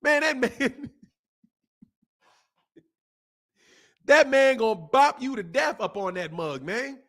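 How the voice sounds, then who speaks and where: Answering his chat with lots of laughter, a man hosts a boxing channel in a casual, opinionated, animated style. His voice is very high and he speaks slowly.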